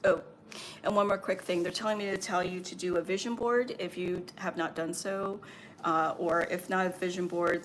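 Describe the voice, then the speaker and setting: A woman with a fairly low voice gives channeled spiritual guidance on a livestream. She rambles gently, stacks up ums and likes, and keeps a soothing, reassuring tone. Faint noise hums behind her. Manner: meandering, filler-heavy, reassuring. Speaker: spiritual medium and Reiki healer.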